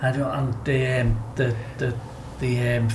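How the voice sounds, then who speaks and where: A man's voice: mid-range voice, flat delivery, slow. Rambling Scouse man in an echoey room. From Liverpool, England. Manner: rambling, fillers like "do you know what I mean". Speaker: guest storyteller. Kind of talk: casual storytelling. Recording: echoey room with faint noise.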